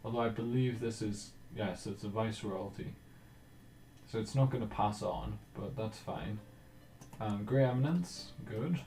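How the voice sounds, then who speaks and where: A man hosting a let's play, commenting casually on his strategy game and thinking aloud in a relaxed, musing way. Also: lowish voice, measured pace, echoey room, a little hiss or hum.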